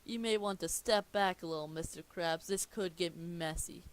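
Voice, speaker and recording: An eager young sponge fry cook, earnest and pleading, as a casual reader voices him. He breaks into sudden shouted bursts. The feel is an amateur cartoon script reading. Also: medium pitch, normal speed, lightly acted.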